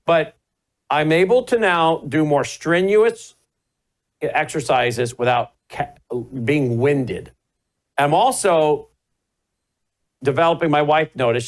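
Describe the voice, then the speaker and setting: Male talk show host, slightly high voice, rambling, self-mocking storyteller. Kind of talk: casual chat.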